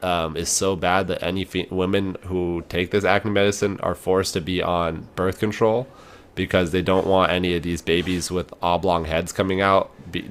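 A man co-hosting a casual podcast, talking in a rambling, animated way with fillers and laughs. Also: low-pitched, slight background noise. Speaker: podcast host.

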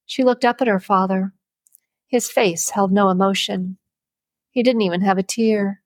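A woman with a mid-range voice narrates a novel as an audiobook, recorded with no room sound. Her storybook delivery is steady and measured.

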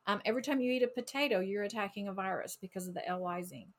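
A woman co-hosting a casual health talk, speaking with enthusiasm and quick exclamations. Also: mid-range voice. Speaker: podcast co-host.

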